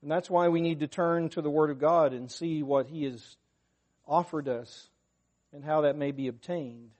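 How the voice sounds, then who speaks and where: A man's voice: a little high, fairly even intonation, moderate pace, a little mellow. A man preaching a sermon to his congregation, earnest and emphatic, rising in force when he quotes scripture. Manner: unscripted, talks to the congregation.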